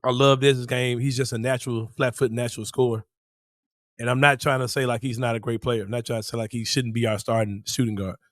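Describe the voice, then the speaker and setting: A man co-hosting a sports podcast in casual chat, slangy and quick to laugh. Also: medium pitch, steady tone, a bit bright, no echo, studio quality. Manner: slangy, laughs often, says bro. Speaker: podcast co-host.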